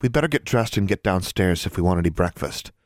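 A nervous, practical teenage girl frets and scolds in a high, shrill voice, as a male storybook narrator puts her on. The sound is close and dry. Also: expressive, fast, no echo. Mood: anxious. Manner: anxious, shrill and bossy.

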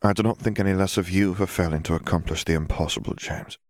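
A calm, sinister leader who speaks in a hushed, formal, persuasive way, as a man puts him on. The voice sits very low and soft. The dry recording keeps every quiet word close. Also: fast, no room sound. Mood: cold. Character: calm, soft-spoken, manipulative dark leader.

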